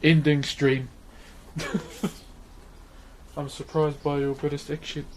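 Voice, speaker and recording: Relaxed New Zealand man streaming as he carves, slangy and easygoing, slow delivery, light noise behind. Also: a little high. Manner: laid-back, laughs often, slangy. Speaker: streamer and woodcarver. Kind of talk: casual live-stream chat while carving.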